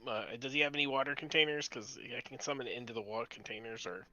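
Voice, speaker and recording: A man's voice: medium pitch, fast talker, pushed and bright, no echo. A man playing in a streamed tabletop game, explaining his spells matter-of-factly with the odd chuckle. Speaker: player. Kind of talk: casual tabletop play on stream. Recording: muffled lo-fi mic with faint music.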